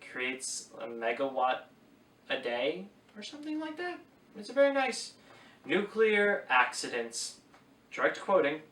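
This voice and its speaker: A man's voice: mid-range voice, moderate pace, fairly bright tone. A man giving a casual book review, chatty and opinionated, with wry asides. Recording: echoey room, voice a bit distant from the mic.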